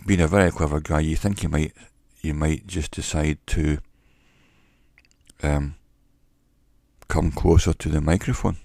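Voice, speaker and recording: A man, a former salesman, telling a wry story to camera in a slow, deliberate way on a cheap microphone. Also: very deep voice, fairly even intonation, vocal fry, darkish tone, no room sound, studio quality. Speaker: vlogger. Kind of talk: casual monologue to camera.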